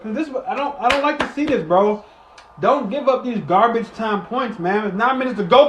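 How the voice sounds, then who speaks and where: Excitable fan calling a game live. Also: male voice, extremely high pitch, quick pace, reverberant, slight background noise. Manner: excitable, swings from muttering to shouting, cusses; talks while eating. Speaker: live game reaction host. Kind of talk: live sports play-by-play and reaction.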